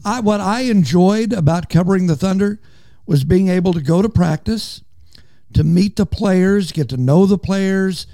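An older man co-hosting a podcast, a former sports reporter, talking in a reflective, drawn-out way. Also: high voice, warm tone, no room sound. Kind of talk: casual interview.

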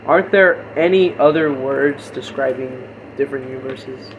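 A man's voice: medium pitch, moderate pace, highs cut off, noisy background. A young man co-hosting a casual podcast with his brother, eager and rambling, sometimes talking while eating. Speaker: podcast co-host.

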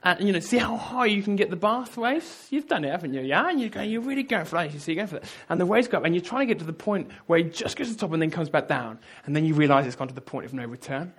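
Male preacher, fairly high voice, lively storyteller who talks straight to the room. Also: quick pace, hardly any pauses, husky. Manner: lively storytelling, addresses the audience directly. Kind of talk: sermon.

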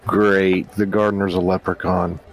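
A wisecracking player at a tabletop game, a man with a low-pitched voice, with faint music running behind him. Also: little pitch movement, normal speed, creaky.

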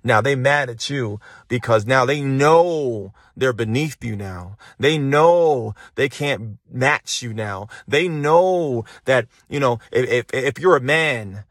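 A man's voice: mid-range voice, animated, slow, few pauses, dry recording, studio quality. A man hosting a motivational podcast, talking emphatically and profanely into his phone and hammering points home by repeating phrases. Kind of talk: casual motivational monologue. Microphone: phone held while talking.

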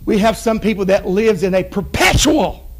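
Male preacher, high-pitched, fervent and repetitive, pushing into shouted exhortation. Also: lively intonation, normal speed, husky, low-quality recording. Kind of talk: fervent sermon. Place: church sanctuary.

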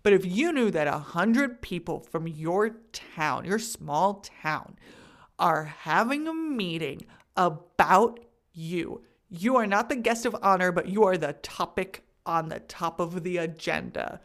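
A woman's voice: fairly low pitch, animated, a little slow. A young adult woman co-hosting a podcast in casual chat, playful, often laughing and acting out quotes. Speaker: podcast co-host.

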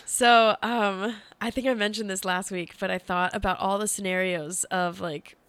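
A woman's voice: mid-range voice, steady tone, normal speed, a bit bright, smooth. A young woman co-hosting a casual podcast, telling a story in a chatty way and laughing often. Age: young adult. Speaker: podcast co-host. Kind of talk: casual chat.

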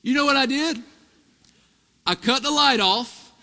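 A bright, high-voiced man in his thirties preaching to a congregation. He tells stories with lively swings and builds to emphatic peaks. His voice rings out in a long hall reverb. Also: unhurried. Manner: storytelling, animated, rising to emphatic peaks. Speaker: pastor. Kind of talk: sermon.

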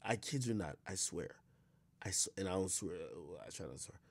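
A man's voice: low voice, animated, brisk, slightly rough. A man giving blunt, profane commentary in a rambling, storytelling way while reacting to a clip.

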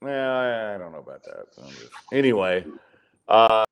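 A laid-back man hosts a podcast in a rambling, halting way. His voice sits low but swings widely in pitch. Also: very animated, creaky, clean tone. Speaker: podcast host. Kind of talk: casual podcast chat.

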